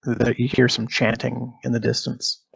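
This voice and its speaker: A man's voice: mid-range voice, completely flat delivery, moderate pace, vocal fry, a bit bright, breathy edge, poor audio. A man narrating a tabletop game as game master, with frequent filler sounds. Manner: hesitant, many fillers.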